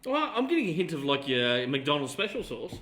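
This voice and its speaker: A man's voice: on the high side, very animated, brisk, fairly bright tone, echoey room. An Australian man co-hosting a casual chat show, swearing freely and bantering with his co-host.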